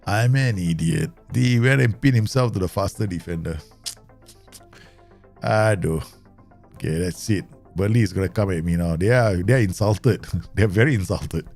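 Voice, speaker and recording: A man casually commenting while he plays a football management game, excitable and laughing often. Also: moderate pace, vocal fry, long pauses, faint music behind. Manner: excitable, laughs often, animated pitch swings. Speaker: gaming streamer.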